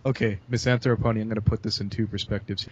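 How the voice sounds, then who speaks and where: A man's voice: fairly low pitch, fairly even intonation, fast, breathy edge, muffled recording. A man giving joking, wry advice in a casual group call.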